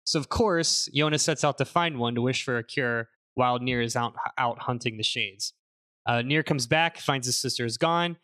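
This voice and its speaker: A man hosting a casual podcast, recapping a game's story in an animated way with fillers. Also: medium pitch, normal speed. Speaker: podcast host summarizing a game. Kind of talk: casual chat.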